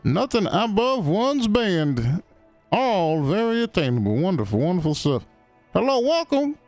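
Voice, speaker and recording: A man putting on a squeaky cowboy greeter. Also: big pitch swings, a little slow, a little mellow, no room sound, faint music behind, heavily acted. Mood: jovial. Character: high-voiced folksy male cowboy greeter. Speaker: streamer.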